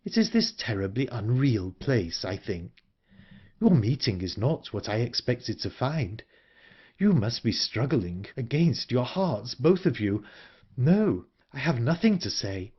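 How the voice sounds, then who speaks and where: A man voicing a calm, composed older woman in an audiobook, speaking in a measured way. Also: mid-range voice, slightly rough, muffled recording. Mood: calm, wistful. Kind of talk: audiobook character reading.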